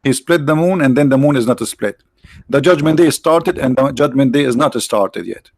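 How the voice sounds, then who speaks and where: A man hosting a live stream with mocking, sarcastic commentary and rhetorical questions, his voice tired, clearing his throat now and then. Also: mid-range voice, moderate pace, darkish tone, no echo. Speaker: online show host.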